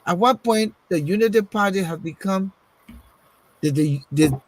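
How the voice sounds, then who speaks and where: A man's voice: sits high, a little slow, dry recording, poor audio. A man, arguing politics on a talk show, pressing rhetorical questions and repeating words as he searches for the next thought. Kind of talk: casual political discussion.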